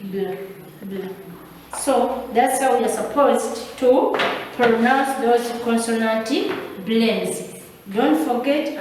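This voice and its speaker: A woman teaching a phonics lesson, repeating each sound slowly for her pupils. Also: fairly high pitch, a little mellow, a little hiss or hum. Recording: echoey room, mic far off.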